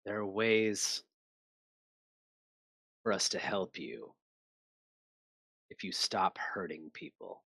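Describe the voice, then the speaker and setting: A man playing a tabletop game, forceful as he interrogates in character. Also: sits low, takes it slowly, long pauses, dry recording. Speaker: player. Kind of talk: tabletop role-play.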